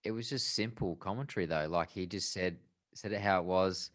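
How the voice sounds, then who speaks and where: A man's voice: low-pitched, a little fast, a bit bright, dry recording, studio quality. A man co-hosting a motorsport podcast, blunt and matey with loose phrasing. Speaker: podcast co-host. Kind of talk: casual motorsport chat.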